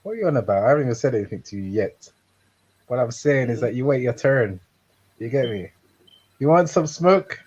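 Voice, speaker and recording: A man trades calm, mocking jabs on a live panel. His voice stays mid-pitched and unbothered. The stream audio is dull and low-fidelity. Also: fairly quick, long pauses, breathy edge. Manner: dismissive, teasing, calm. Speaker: panel caller.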